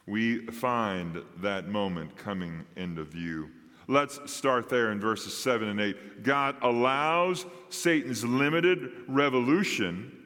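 A man preaching a sermon as pastor, with dramatic pauses and rising and dropping emphasis. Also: on the low side, fairly bright tone. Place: church sanctuary. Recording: long hall reverb.

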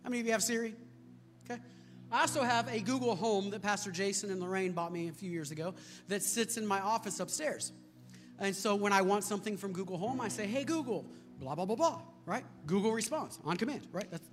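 High-voiced American pastor preaching. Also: male voice, fast talker. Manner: storytelling, building to shouted preaching. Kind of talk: sermon. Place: church sanctuary. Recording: church hall reverb with music.

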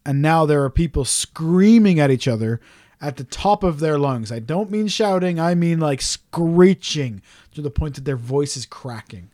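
A man's voice: on the high side, lively intonation, moderate pace, darkish tone, dry recording, studio quality. A man telling a long story on a casual podcast chat, swearing often and ranting in exasperation.

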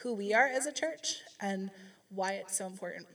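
A woman's voice: medium pitch, expressive, normal speed, a bit bright, far from the mic. A woman speaking to a church group, telling a story in a chatty, rambling way with frequent restarts. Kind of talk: casual sermon storytelling.

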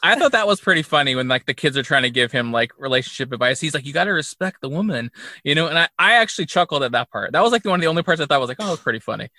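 Young guy on a movie podcast, bright punchy voice, dry mic, kinda wry. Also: a little high, animated, very fast, few pauses, dry recording. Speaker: podcast co-host. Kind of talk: casual movie review chat.

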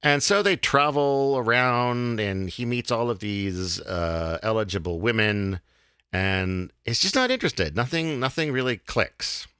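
A man hosting a casual podcast, talking in a halting way with many fillers and restarts. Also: medium pitch, animated, pushed and bright, clean tone, no room sound, studio quality. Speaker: podcast host.

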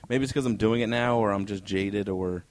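A man's voice: lowish voice, fairly quick, dry recording. A man who does comedy, chatting on a podcast in a laid-back, self-deprecating way. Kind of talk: casual podcast chat.

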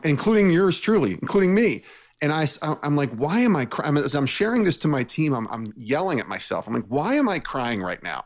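A man appearing as a radio interview guest, telling a personal story in a lively way, with his voice lifting when he is moved. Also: mid-range voice.

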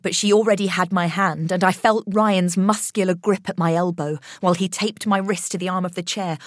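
A woman narrating a horror story in a measured, expressive reading voice. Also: on the low side, no room sound, studio quality.

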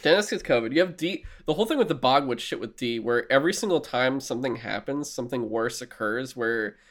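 A man chatting casually, eager and quick to laugh, with casual swearing. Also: mid-range voice. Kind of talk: casual chat.

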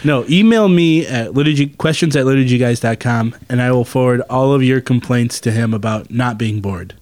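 A man's voice: mid-range voice, moderate pace, darkish tone, no room sound. A man co-hosting a casual podcast, joking and bantering with his co-hosts. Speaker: podcast co-host. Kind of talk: casual chat.

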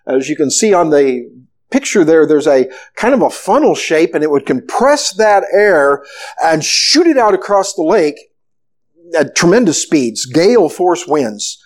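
A man preaching a sermon, retelling a story with animated, storytelling delivery. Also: on the high side, unhurried. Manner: animated storytelling, acting out the disciples' panic. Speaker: pastor.

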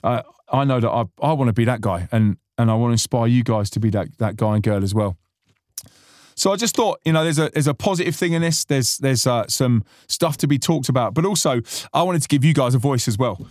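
A man's voice: mid-range voice, lively intonation, fairly quick, a little mellow, no room sound, studio quality. A man hosting a podcast, chatting casually and earnestly, rambling with many restarts. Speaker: podcast host and musician. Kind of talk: casual reflective chat.

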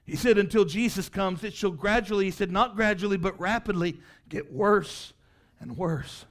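A male preacher giving a fiery sermon, asking the congregation questions and building to impassioned shouts. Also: moderate pace. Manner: high-pitched, emphatic, sweeps between quiet and loud.

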